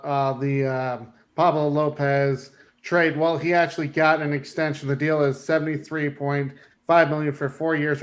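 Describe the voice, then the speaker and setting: Man reciting baseball stats calmly. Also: on the high side. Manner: measured, numbers-focused. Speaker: panelist. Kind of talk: casual sports talk.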